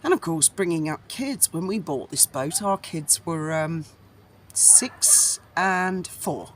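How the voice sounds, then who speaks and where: A woman's voice: sits low, animated, slow pace, a little hiss or hum. A middle-aged Englishwoman tells a rambling, chatty story outdoors in a breeze. She is blunt and swears freely in the casual way of a vlog. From England. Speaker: vlogger.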